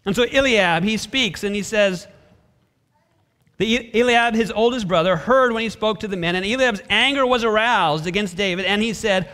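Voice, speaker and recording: A man's voice: high voice, normal speed. A man preaching a sermon as a pastor, reading scripture and briefly acting out the characters. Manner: expressive preaching, acts out brief voices of biblical characters. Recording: reverberant hall.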